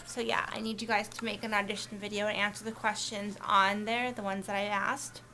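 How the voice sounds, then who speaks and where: A woman's voice: mid-range voice, level tone, a little fast, bright, forceful tone, a little hiss or hum. A young woman talking casually to camera on a shared vlog channel, rambling with many fillers and restarts. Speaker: vlogger on a collab channel.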